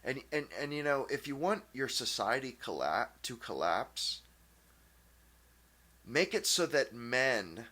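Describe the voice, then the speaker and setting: Rambling man ranting with lively pitch. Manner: rambling, halting, many restarts and fillers; blunt and profane. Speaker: channel host. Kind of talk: casual opinion rant.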